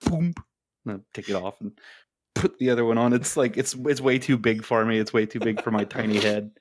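A woman's voice: a bass voice, brisk, a little mellow. A woman playing a tabletop role-playing game, chatting in a giggly, rambling way. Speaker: player. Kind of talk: casual tabletop game play.

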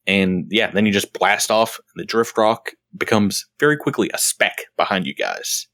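A man narrating as game master in a tabletop role-play, relaxed and rambling. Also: fairly low pitch, moderate pace, no echo. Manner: relaxed, rambling with fillers and restarts.

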